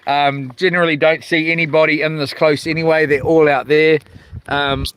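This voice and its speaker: A man's voice: a little high, little pitch movement, moderate pace, a bit bright, clear, resonant tone, no echo. A man with a New Zealand accent chatting casually on a live stream from a small boat outdoors, slangy and laid-back as he reads viewer comments aloud. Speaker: livestreaming fisherman.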